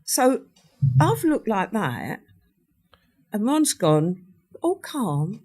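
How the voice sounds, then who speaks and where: A woman's voice: mid-range voice, sing-song, very slow, a little mellow, breathy edge. An older woman, a podcast guest recounting a personal story in conversation and acting out what others said. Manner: vivid storyteller who acts out what others said.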